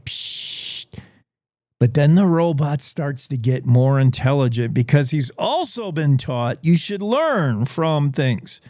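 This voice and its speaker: A man's voice: a little high, lively intonation, slow, a little mellow, dry recording, studio quality. A man hosting a radio morning show, playfully spinning speculative stories. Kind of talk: talk radio monologue.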